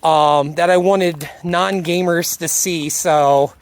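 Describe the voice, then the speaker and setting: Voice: medium pitch, steady tone, takes it slowly. A casual speaker loosely retelling a TV episode, acting out the characters' lines and sometimes losing the thread. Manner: drifts and loses the thread. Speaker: video reviewer. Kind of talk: casual spoken episode recap.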